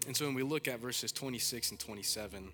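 A young man, a pastor, preaching a sermon with animated storytelling and candid asides. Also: medium pitch, fast talker, soft background music.

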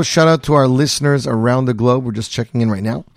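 A man's voice: medium pitch, quick pace, gravelly, few pauses, no room sound, studio quality. A man hosting a radio show, announcing songs and rattling off listener locations in an upbeat announcer manner. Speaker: radio host.

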